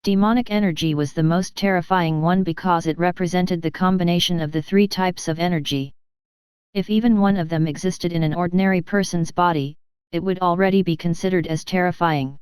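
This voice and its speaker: Woman narrating an audiobook, crystal clear. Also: lowish voice, steady tone, brisk, a little mellow, dry recording. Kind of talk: scripted narration.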